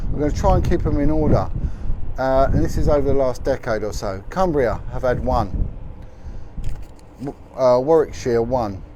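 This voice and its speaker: A man hosting a casual livestream outdoors, chatting with asides as he reads out figures. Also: medium pitch. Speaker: livestream host. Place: outdoors in windy street. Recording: noisy outdoor street recording. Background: wind, traffic and street noise.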